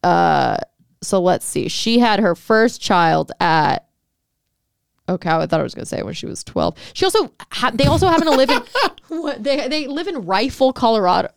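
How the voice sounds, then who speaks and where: Texas woman podcast host, fry in her voice but smooth, dry close mic, casual swearing banter. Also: a little high, expressive, normal speed, dry recording. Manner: loose, swearing, laughing banter. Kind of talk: casual chat.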